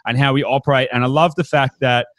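A man hosts a podcast in a casual, upbeat way, talking with plenty of fillers and restarts. His voice sits in an ordinary middle pitch. The recording is dry and close, with no room sound. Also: fairly even intonation, fast talker, a bit bright, no echo. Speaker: podcast host.

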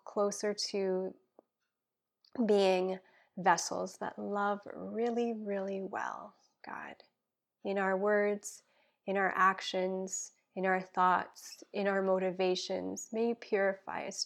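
A woman, a guest and children's pastor, praying aloud and speaking from the heart in an earnest, soft-spoken way that drifts into whispers. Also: mid-range voice, gravelly. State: tearful and emotional. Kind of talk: spoken prayer and heartfelt chat.

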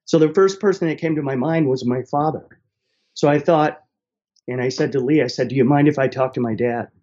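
A man's voice: medium pitch, a little fast, highs cut off. A middle-aged man, casually telling a personal story and acting out the voices of the people in it. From central New York. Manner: animated, acts out the voices of people in his story. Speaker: guest telling his life story.

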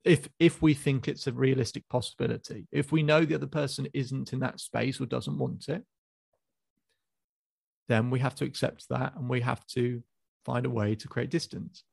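Male life coach, gravelly, calm probing delivery, dry close sound. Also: mid-range voice, normal speed, no room sound. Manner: calm, probing questions, hesitant restarts. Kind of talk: coaching session. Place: video call.

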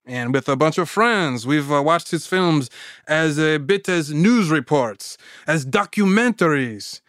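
A man's voice: on the high side, animated, measured pace, fairly bright tone, no room sound, clean studio sound. A man voicing a self-assured French bank robber in a mock French accent, quoting him in the middle of a podcast chat. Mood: earnest, boastful. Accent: French, put on.

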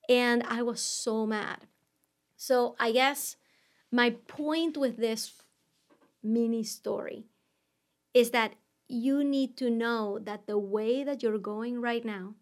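A middle-aged woman hosting her own podcast, telling a candid story that rises to emphatic points. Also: fairly high pitch. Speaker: podcast host and business coach. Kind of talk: solo podcast monologue.

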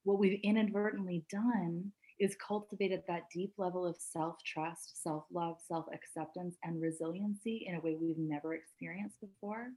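A woman's voice: fairly low pitch, fairly even intonation, normal speed, hardly any pauses, mellow, low-quality recording. A woman coach on a podcast, talking emphatically in casual chat, swearing and laughing often.

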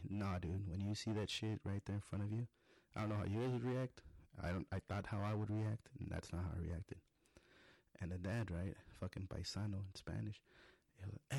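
Gravelly low-voiced man telling a profane story. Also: a little fast, a little mellow, dry recording. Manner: rambling, heavy swearing, acts out quoted lines.

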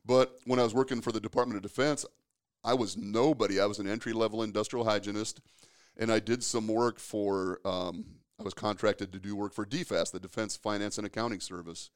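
A man hosting a casual talk, his voice smooth and resonant and sitting somewhat low. He tells stories in a relaxed, easygoing way, restarting his sentences now and then. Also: fairly quick. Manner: storytelling, relaxed, with filler restarts. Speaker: podcast host, safety professional. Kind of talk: casual conversation.

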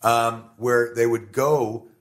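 Middle-aged guy chatting on a podcast, swears a lot, gets worked up and animated telling stories, medium pitched voice. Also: slow. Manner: animated, profane storytelling. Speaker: guest. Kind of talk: casual podcast conversation.

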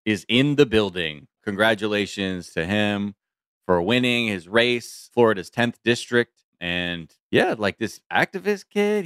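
A man's voice: mid-range voice, fairly bright tone, no echo, studio quality. A man co-hosting a podcast, chatting casually and joking with his co-host, swearing freely. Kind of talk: casual chat. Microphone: studio mic.

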